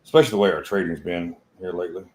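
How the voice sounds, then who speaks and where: A man's voice: low-pitched, rapid-fire, slight background noise, low-quality recording. A blunt man co-hosting a live trading stream, chatting casually, swearing freely and retelling stories with quoted lines.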